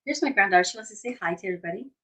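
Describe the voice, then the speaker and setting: A woman's voice: medium pitch, rapid-fire, pushed and bright, poor audio. A middle-aged woman, a hypnotherapist, talking casually on a home livestream and telling a story, often checking in with "right?". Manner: chatty, tells stories, asks "right?". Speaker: hypnotherapist and nutrition coach. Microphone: phone or webcam.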